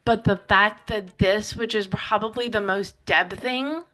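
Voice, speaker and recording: A woman speaks as an interview guest in a bright, forward voice. She is reflective and heartfelt, and her sentences run on quickly with frequent restarts. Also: medium pitch, fairly even intonation, rough recording. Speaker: podcaster and writer, interview guest. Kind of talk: heartfelt conversational interview answers.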